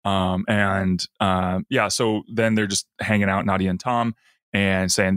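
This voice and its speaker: A man's voice: sits low, level tone, measured pace, fairly bright tone, dry recording, clean studio sound. A man co-hosting a podcast, casually recapping an episode and acting out lines in a raised voice. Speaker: podcast co-host.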